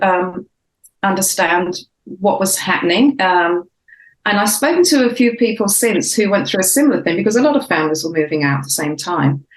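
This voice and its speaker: A reflective woman in her sixties whose English speech still carries traces of Cockney. She talks at a middle pitch and pauses often on fillers. The sound is a little roomy. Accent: English, faded Cockney. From Southeast London, England. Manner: reflective, many fillers and restarts. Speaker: author and guest. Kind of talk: casual interview talk.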